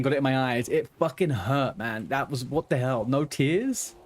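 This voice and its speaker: A man's voice: medium pitch, animated, moderate pace. A young man streaming a game, chatting casually with viewers in a joking, rambling way. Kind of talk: casual chat while gaming.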